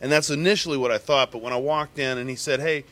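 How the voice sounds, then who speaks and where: A man's voice: medium pitch, steady tone, quick pace, a bit bright. Chatty man explaining pipe tobacco. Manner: knowledgeable, explains with many fillers and restarts. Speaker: pipe tobacco guest expert. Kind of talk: casual chat.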